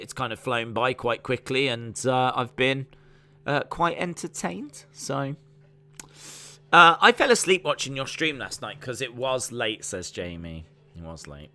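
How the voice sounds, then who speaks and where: A man's voice: mid-range voice, sharp tone. A man with an English accent casually chatting on a live stream, reading out viewer comments in a rambling, self-deprecating way. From England. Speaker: wrestling watch-along streamer.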